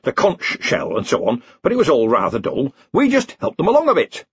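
A man's voice: medium pitch, wildly swooping pitch, fairly quick, creaky, husky, no room sound, voice pushed up, full character voice. A man voicing a bashful, apologetic male wizard lecturer. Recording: dull lo-fi dry recording.

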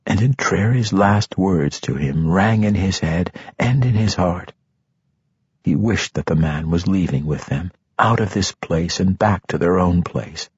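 A man reading a fantasy novel as an audiobook narrator, measured and expressive, in a dull, dry recording. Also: low-pitched, slightly rough, no room sound.

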